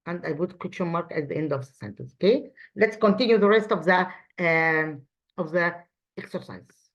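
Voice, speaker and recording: A woman's voice: on the low side, moderate pace. Egyptian woman teacher, hesitant revision lesson. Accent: Egyptian Arabic. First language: Arabic. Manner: hesitant, repeats words and restarts, checks with "okay?". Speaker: English teacher.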